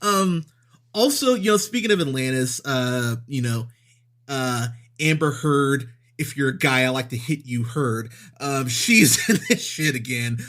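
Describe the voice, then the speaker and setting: A man's voice: mid-range voice, lively intonation, a little slow, a bit bright. A man co-hosting a movie review podcast, talking casually and profanely, often laughing mid-sentence. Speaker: podcast host.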